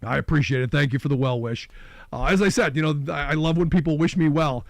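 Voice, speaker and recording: A man's voice: fairly high pitch, fast talker, creaky, no echo. A man hosting a call-in radio talk show, talking in a loose, opinionated, conversational way.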